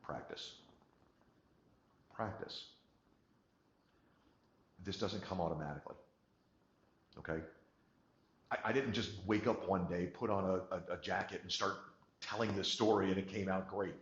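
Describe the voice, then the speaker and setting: A man giving a motivational coaching talk, emphatic and repeating key words, moving from quiet to energized. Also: sits low, moderate pace, pauses often, roomy sound, muffled recording. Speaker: business coach.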